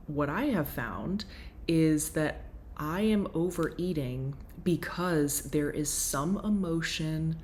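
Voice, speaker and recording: A woman leading a guided breathwork session, talking in a calm, gentle and reassuring way. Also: deep voice, slight background noise. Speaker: breathwork instructor.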